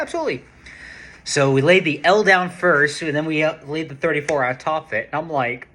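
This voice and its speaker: A man talks to camera in a loose, rambling way, often restarting his sentences and throwing in curses for emphasis. His voice has a bright, forward edge, pitched at an ordinary middle height for a man. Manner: rambling, restarts often, excited and profane about guns. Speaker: vlogger, casino security worker. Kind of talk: casual storytelling vlog.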